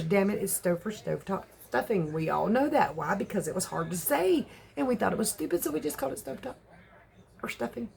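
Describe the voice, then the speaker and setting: A woman in her forties chatting casually on a vlog, excitable and ranting. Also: creaky. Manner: excitable ranting with big jumps in pitch. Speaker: vlogger.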